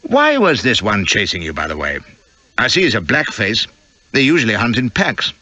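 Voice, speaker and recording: A man's voice: on the low side, huge pitch swings, moderate pace, bright, forceful tone, lo-fi sound, full character voice. A man voicing a jolly, callous adventurer leader of about forty in an audiobook, with breezy, teasing banter. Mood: hearty. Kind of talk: audiobook character voice.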